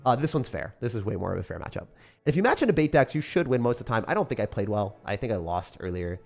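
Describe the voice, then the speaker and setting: A young man giving rambling, casual commentary on his gameplay, excitable and sometimes swearing. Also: fairly low pitch, fast, gravelly, soft background music. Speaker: gaming YouTuber.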